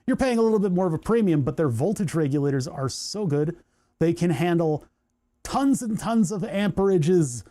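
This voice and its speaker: A man with a high-pitched, warm voice and lively intonation hosts his electronics hobby channel at normal speed. Chatting casually to camera from his workbench, he rambles, drops sarcastic asides, and restarts his sentences often.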